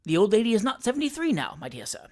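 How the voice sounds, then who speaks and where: Heard first is a fussy little attorney who keeps soothing and wheedling, as a reader puts him on for an audiobook. His pitch swoops up and down with lively ease. He is an ingratiating, bustling man of the law. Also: fast talker. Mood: coaxing. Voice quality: soothing, wheedling, keeps repeating "my dear sir". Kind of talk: audiobook character reading.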